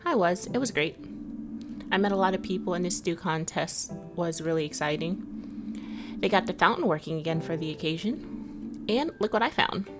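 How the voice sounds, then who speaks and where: A woman's voice: lowish voice, animated, normal speed, over music. A woman voicing a kind, earnest young male junior doctor, reading his lines plainly.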